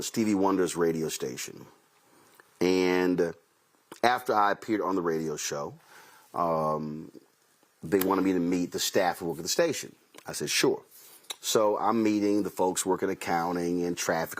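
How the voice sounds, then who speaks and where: A man with a low, husky voice hosts his talk show. He tells his story like a preacher and acts out both sides of each exchange. His pitch rises and falls with wide, lively swings. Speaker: host.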